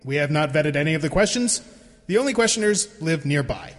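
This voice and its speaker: A man's voice: fairly high pitch, animated, fairly quick. A man playing a debate moderator in a satirical sketch, using a formal announcer-style delivery. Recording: long hall reverb.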